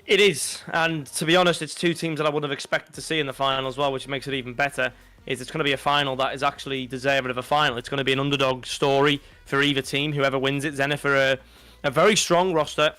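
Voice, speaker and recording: A young man with a Liverpool accent, co-commentating an esports football final, talking in excited, rambling runs and restarting his sentences. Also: mid-range voice, quick pace, few pauses, no room sound, faint music behind. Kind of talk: esports pre-match analysis.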